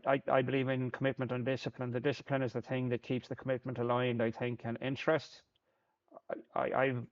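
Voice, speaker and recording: Man, gravelly voice, reflective monologue, plain-spoken, repeats words while thinking, dull lo-fi recording. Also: medium pitch. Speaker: Paralympic sport shooter.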